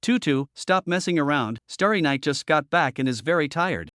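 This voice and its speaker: Cool young male lead, gently scolding and teasing, voiced by a man, slightly high-set voice. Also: expressive, moderate pace, dry recording, studio quality.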